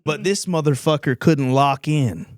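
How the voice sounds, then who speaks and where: A man's voice: on the high side, a little slow, dry recording, studio quality. A man hosting a solo comedy podcast, telling stories in a rambling, profane, blunt way.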